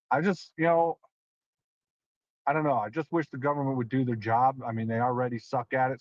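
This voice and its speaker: A man's voice: medium pitch, darkish tone, dry recording, muffled recording. A man giving his opinions on a casual livestream, hesitant and full of fillers. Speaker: panelist.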